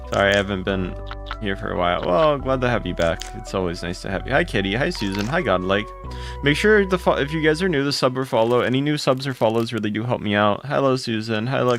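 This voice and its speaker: A young man streaming live, greeting his chat and thanking viewers for gifts, with his voice jumping high when he gets excited. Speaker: livestreamer. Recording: music playing behind.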